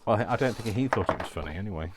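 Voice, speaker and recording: A man's voice: lowish voice, animated, racing, very noisy. A man vlogging while he does crafts, talking to himself by name in a giggly, rambling way. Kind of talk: casual talk while crafting.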